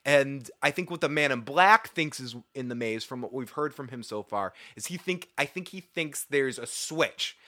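A man's voice: medium pitch, expressive, moderate pace, few pauses, bright, forceful tone, no room sound, clean studio sound. A young man from Boston with a Boston accent, hosting a casual live recap chat, rambling and swearing freely with frequent laughs. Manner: profane, rambling, laughs often. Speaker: livestream show host.

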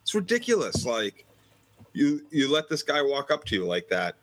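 A man's voice: mid-range voice, very animated, normal speed, fairly bright tone, low-quality recording. A man co-hosting a casual podcast recap chat, argumentative and profane, rambling through his points. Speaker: podcast co-host.

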